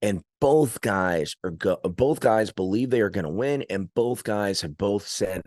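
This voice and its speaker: A man, an arm wrestler and trainer, chatting casually on a podcast in a rambling, animated storytelling way full of restarts. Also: on the low side, a little slow, few pauses, no echo, studio quality.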